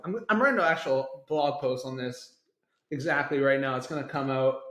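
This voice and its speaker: A man co-hosting a casual sports podcast, steady and steering the talk, with frequent ums. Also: medium pitch, moderate pace. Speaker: podcast co-host. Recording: echoey room.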